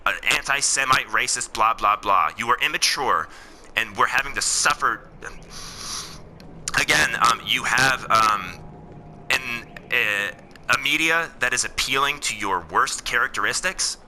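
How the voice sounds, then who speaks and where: A political commentator rants while gaming, giving heated, profane commentary directly to his viewers. His medium-pitched voice sounds pushed and bright, his pace is measured, and there's slight background noise.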